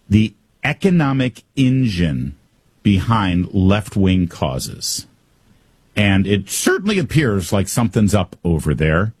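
A man's voice: low voice, darkish tone, husky, dry recording. A man hosting a talk radio show, giving emphatic, sarcastic commentary straight to his listeners. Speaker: radio host.

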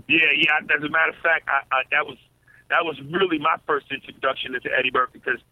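A man who is a stand-up comedian, talking as a guest in a casual interview. He speaks in a relaxed way and stutters on repeated words. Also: a little high, quick pace, no room sound. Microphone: phone. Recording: tinny phone line.

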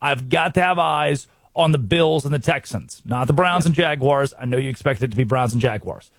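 An American man hosting a sports radio show, brisk and wry, full of rhetorical questions. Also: medium pitch, no room sound. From United States.

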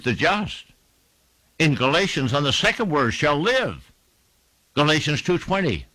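A man's voice: mid-range voice, a bit bright, no room sound. A man preaching a fervent sermon, quoting scripture in emphatic, rhythmic bursts. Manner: fervent, emphatic preaching with King James quotations.

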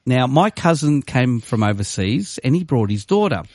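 A man's voice: mid-range voice, normal speed, dry recording. Man on air, dry studio sound. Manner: animated, swings into quoted voices, laughs easily. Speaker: radio host. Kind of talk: casual storytelling chat. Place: radio studio.

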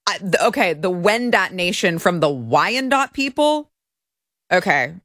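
Woman, talk show host, sarcastic commentary, lowish voice, dry close sound. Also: lively intonation, unhurried, fairly bright tone, dry recording. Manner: sarcastic, mocking.

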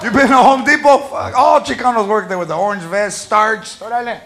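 A man's voice: high-pitched, fairly quick, creaky, fairly bright tone. A man doing a profane, rowdy stand-up comedy set on a comedy club stage, recorded live in a noisy club. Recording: live club with crowd and noise.

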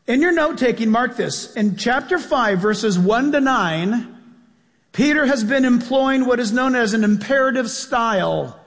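A man preaching a sermon as a pastor, in an emphatic, conversational manner with repeated phrases, in a church. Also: very high voice. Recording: long reverb of a large hall.

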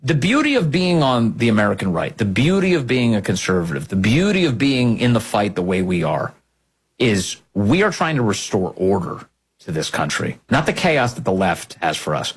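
Husky man delivering emphatic commentary. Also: on the low side, big pitch swings, moderate pace. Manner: emphatic, scornful, repeats phrases for effect. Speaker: political commentary host. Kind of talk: political commentary monologue.

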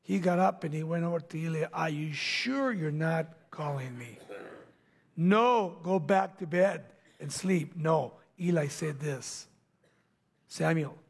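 A man preaching a sermon, retelling a Bible story dramatically, acting out the voices and dropping to hushed near-whispers. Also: a little high, creaky, husky.

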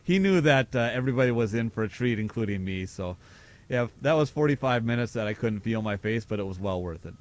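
A man's voice: mid-range voice, expressive, brisk. A man in his fifties, a sheriff, chatting as a guest on a radio show with short, agreeable replies. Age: 50s. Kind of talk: casual radio interview.

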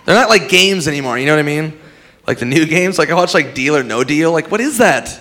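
A man's voice: on the high side, animated, quick pace, sharp tone. Rambling, swearing stand-up man. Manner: loose, rambling, swears a lot. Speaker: stand-up comedian. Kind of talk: stand-up set.

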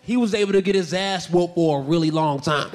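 A boisterous male stand-up comedian spins self-mocking stories in a high, lively voice. His delivery is animated and loud on stage. A long hall reverb trails him over faint room noise. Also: a little fast. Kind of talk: stand-up storytelling.

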